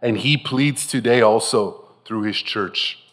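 A man preaching a sermon, animated and direct with his listeners, often dropping from loud emphasis to soft, intimate phrases. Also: fairly low pitch, slow. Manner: addresses listeners directly with frequent "right?". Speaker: pastor.

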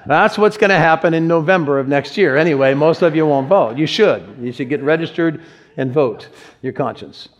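A man, a pastor, delivering a conversational sermon with dramatic pauses and acted-out quotes. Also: fairly high pitch, highs cut off.

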